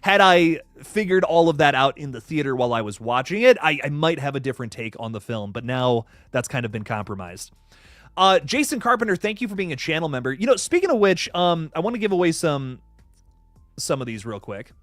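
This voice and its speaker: A young man hosts a casual live stream in a fairly high voice. He rambles excitably, full of fillers and restarts. The sound is dry and close, with no room around it. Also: fairly quick, no room sound, soft background music. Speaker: horror news streamer.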